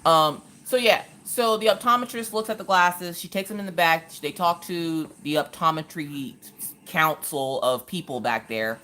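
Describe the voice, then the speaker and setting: A woman's voice: low voice, moderate pace. A woman hosting a craft live stream, telling a family story with sarcasm and acting out the people in it. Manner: animated, sarcastic, acts out the people in her stories.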